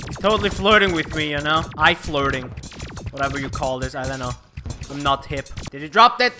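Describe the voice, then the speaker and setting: A man commentating his own gameplay in an excitable, swearing way. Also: fairly high pitch, a little fast, faint music behind. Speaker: gaming YouTuber.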